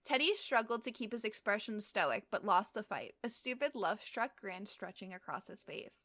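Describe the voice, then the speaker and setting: A woman's voice: mid-range voice, animated, moderate pace, a bit bright. A young adult woman reading a story aloud casually, often stumbling and correcting herself with fillers. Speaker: reader. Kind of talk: casual read-aloud of fan fiction.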